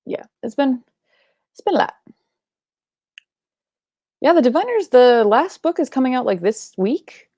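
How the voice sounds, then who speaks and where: Sleepy, chatty young woman with vocal fry. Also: sits high, very animated, unhurried, pauses often, warm tone, no room sound, clean studio sound. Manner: chatty, rambling, swears casually, yawning and sleepy. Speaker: book club live show host. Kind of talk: casual live-stream chat.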